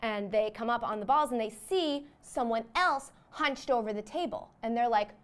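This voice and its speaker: A woman's voice: a little high, moderate pace, few pauses. Chatty young woman riffing a joke. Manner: rambling, peppered with "like". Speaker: comedy show host. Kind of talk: comedic monologue.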